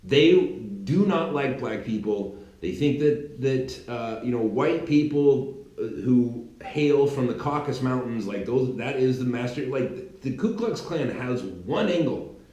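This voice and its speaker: A man's voice: medium pitch, lively intonation, unhurried, warm tone. A man in his thirties giving a rambling, mocking political commentary monologue, full of restarts and fillers. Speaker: commentary channel host. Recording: roomy echoey room.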